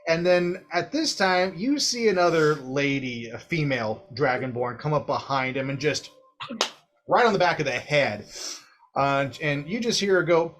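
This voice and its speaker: A man's voice: fairly high pitch, moderate pace. Man narrating as game master, with fillers. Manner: relaxed, full of uhs and ums.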